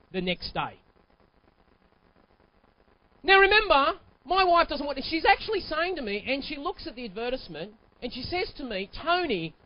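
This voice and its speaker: Keynote speaker, man in his 40s, emphatic and lively, very high voice, muffled lo-fi capture. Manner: animated and emphatic, bursts into shouting. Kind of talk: storytelling keynote talk. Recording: dull lo-fi recording.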